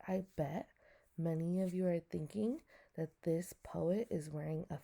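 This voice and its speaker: A woman's voice: fairly low pitch, unhurried, vocal fry, dark tone. A woman teacher giving a recorded lesson to her students, explaining patiently step by step and asking them questions.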